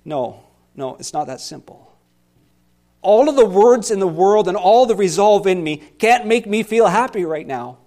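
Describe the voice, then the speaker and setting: In a dramatic scripture reading, a man voices an anguished male psalmist, impassioned and swinging between loud pleas and hushed lows.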